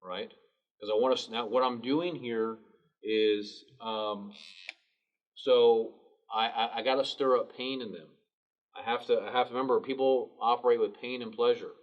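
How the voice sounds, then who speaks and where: A man giving a sales training talk in a calm, low late-night DJ manner. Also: normal speed. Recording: distant mic, dull sound.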